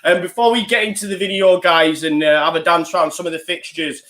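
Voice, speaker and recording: Guy hosting a casual podcast chat, upbeat, lots of ums, bit of a higher voice. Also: steady tone, a little fast, few pauses, a bit bright. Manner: chatty, filler-heavy, upbeat. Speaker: host.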